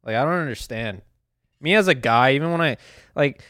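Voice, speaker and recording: A man's voice: mid-range voice, lively intonation, moderate pace, fairly bright tone, no echo. A young man hosting his own podcast solo, ranting casually in a profane, rambling way and laughing at himself. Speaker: podcast host.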